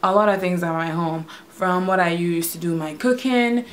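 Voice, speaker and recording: A young Nigerian woman with a Nigerian accent and a fairly low voice talks through a tag video from her home. She speaks in a relaxed, chatty way, giggles now and then, and repeats words as she goes. Igbo is her first language. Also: moderate pace, a little hiss or hum. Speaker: vlogger. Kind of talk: casual tag video chat.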